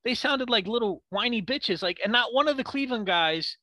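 High-voiced man ranting about baseball. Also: lively intonation, sharp tone, no room sound. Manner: profane, ranting, rapid rhetorical questions. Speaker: podcast co-host. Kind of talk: heated sports podcast rant.

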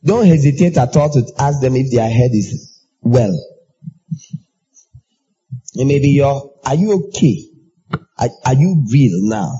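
Animated male preacher, dark husky voice. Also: unhurried, long pauses, highs cut off. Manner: animated, acts out dialogue in high voices. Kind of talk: sermon.

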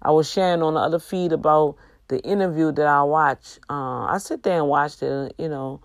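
A tired woman hosting a livestream, giving a faith talk with slow, emphatic, exhorting repeats. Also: low-pitched, dry recording. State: tired, yawning. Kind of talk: preachy casual livestream talk.

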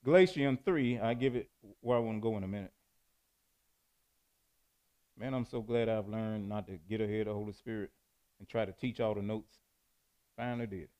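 A man's voice: lowish voice, moderate pace, pauses often, dark tone. A man preaching a sermon, calling for answers from the congregation and rising to emphatic bursts. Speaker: pastor.

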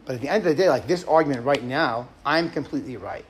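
A man's voice: mid-range voice, fast talker, a little hiss or hum. A middle-aged man hosting a podcast, talking earnestly and conversationally about marriage and acting out short example quotes. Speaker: rabbi and podcast host. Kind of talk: podcast teaching talk.

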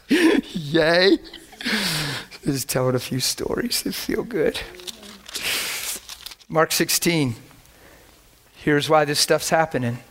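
A man preaching a sermon, telling animated stories and acting out scenes, breaking into laughter, shouts and whispers. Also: fairly high pitch, extremely slow, pauses often. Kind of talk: storytelling sermon.

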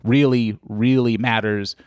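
A young man from Texas, a comedian guest in a casual podcast chat, animated, laughing often and swearing freely. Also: mid-range voice, measured pace, clean tone, no room sound, clean studio sound.

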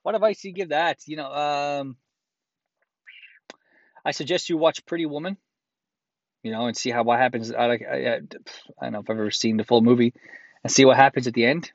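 A man's voice: mid-range voice, fairly quick, pauses often, dry recording, dull audio. A man reads a listener's letter aloud and breaks in with crude, profane, sarcastic comments. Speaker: host reading a listener's letter.

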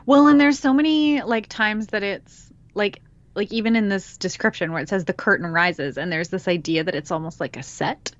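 A woman's voice: medium pitch, normal speed. A woman co-hosting a book podcast, chatting easily and reading a blurb aloud. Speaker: podcast co-host. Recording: slightly dull lo-fi sound.

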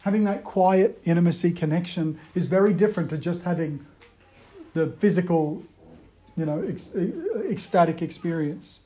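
A man giving a conversational sermon, moving between loud emphasis and quiet, hushed retellings. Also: high voice, expressive, normal speed. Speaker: preacher.

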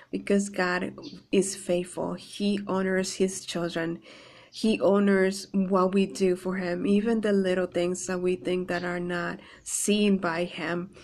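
A woman gives an informal Bible devotional, first reading scripture and then explaining it in her own words. She speaks slowly and evenly, with little rise and fall in her voice. Her delivery is earnest but halting, with frequent pauses and restarts. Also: medium pitch.

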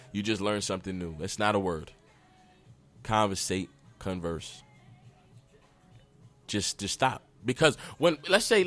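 A man's voice: lowish voice, fairly bright tone. A young man hosting a casual solo podcast, talking bluntly in loose slang and restarting his sentences often. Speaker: podcast host.

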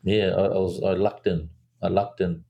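Gravelly low-voiced man telling a story. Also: normal speed, dull audio. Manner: animated storyteller, acts out quotes, many restarts. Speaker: film director. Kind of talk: casual interview storytelling.

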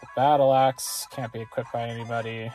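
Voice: mid-range voice, little pitch movement, a little fast, dark tone, soft background music. A let's play gamer giving casual, rambling commentary on their gameplay and often correcting themselves. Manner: rambling, self-correcting, chatty.

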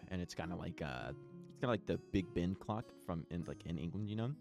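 A very low-voiced man runs a tabletop game, reading long scene descriptions and stopping to fix his own wording as he goes. Guitar music plays clearly under his voice. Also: expressive, a little fast. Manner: reads descriptions with small stumbles and restarts. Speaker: game master. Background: plucked guitar music.

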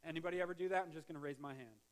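High-voiced Midwestern pastor preaching casually. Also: male voice, very fast. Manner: conversational, joking asides, repeats words when restarting. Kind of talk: sermon. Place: church sanctuary.

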